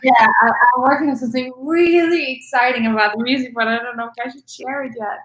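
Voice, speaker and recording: A woman's voice: sits high, fairly even intonation, fast, a bit bright, reverberant, rough recording. A woman, an actress and recording artist, chatting casually as an interview guest, laughing often and talking with many fillers.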